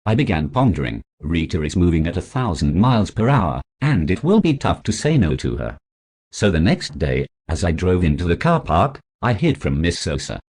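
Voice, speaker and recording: A man's voice: low-pitched, very animated, moderate pace, darkish tone, slightly rough. A man narrating his own story in a formal, stiff storybook manner. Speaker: author narrator.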